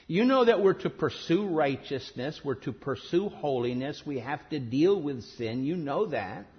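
A man preaching a sermon emphatically, rising to stress key words and then dropping low and quiet. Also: dull audio.

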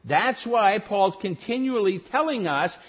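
A man preaching an expository sermon, deliberate and emphatic, dwelling on single words and grammar. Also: high-pitched, expressive. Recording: dull lo-fi sermon recording.

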